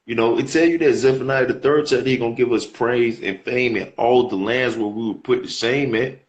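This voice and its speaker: A man's voice: medium pitch, steady tone, a little fast. A man preaching casually over scripture readings in a slangy way, often repeating words as he goes.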